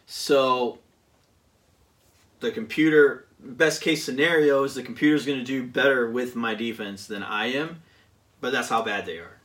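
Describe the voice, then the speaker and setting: A man chatting casually, rambling and pausing with many fillers as he recounts a season of a football video game. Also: medium pitch, fairly bright tone, recorded from a distance. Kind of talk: casual chat.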